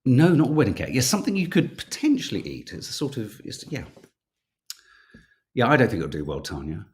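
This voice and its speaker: A man's voice: medium pitch, very animated, a little fast, darkish tone. Chatty British man hosting a quiz. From United Kingdom. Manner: chatty, self-mocking, stumbles over names. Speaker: podcast co-host running a viewer quiz. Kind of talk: casual live-stream chat.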